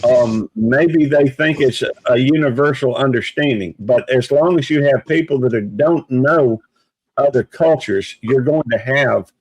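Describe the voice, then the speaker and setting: A man talking in a casual live chat, measured and reflective, with many pauses and restarts. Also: medium pitch, a little mellow, husky, no echo, low-quality recording.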